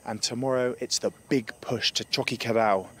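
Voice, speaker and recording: Guy presenting an adventure doc, upbeat and clear, some faint background noise. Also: mid-range voice, steady tone, normal speed, fairly bright tone. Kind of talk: documentary presenting.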